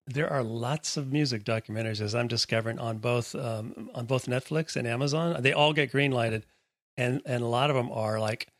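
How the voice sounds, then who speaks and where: A man's voice: mid-range voice, brisk, dry recording, clean studio sound. A man co-hosting a podcast, chatting casually and laughing often, who also reads scripture aloud. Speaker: podcast co-host. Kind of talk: casual chat and scripture reading.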